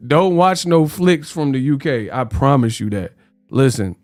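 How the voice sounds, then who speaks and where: A man's voice: fairly high pitch, normal speed, darkish tone, no room sound, clean studio sound, faint music behind. A man hosting a live boxing talk stream in loose, slangy, joking chat, drifting into mock British voices. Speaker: host. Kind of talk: casual livestream chat.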